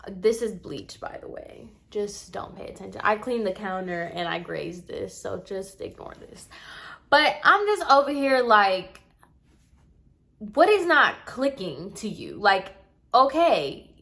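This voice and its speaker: A woman's voice: fairly high pitch, bright, forceful tone. A woman telling a storytime about a difficult client in a casual, exasperated way, acting out both sides of the conversation. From Puerto Rican heritage. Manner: chatty, exasperated, acts out both sides with quoted lines.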